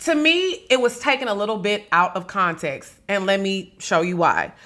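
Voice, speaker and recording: Sassy bright-voiced woman podcast host. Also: medium pitch, animated, moderate pace. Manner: sassy, blunt, swears freely, dramatic. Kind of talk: casual gossip commentary.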